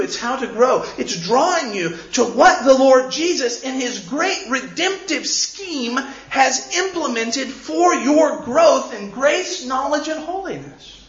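Delivering a sermon in a very high-pitched, slightly bright voice, a pastor pleads earnestly with his listeners and frequently repeats words. It's captured in an echoey room with a somewhat muffled sound.

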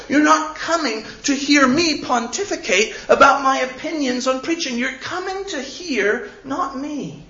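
A man's voice: very high-pitched, pushed and bright. A man preaching a sermon as pastor, earnest and pleading, often repeating words as he goes. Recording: echoey, slightly dull room recording.

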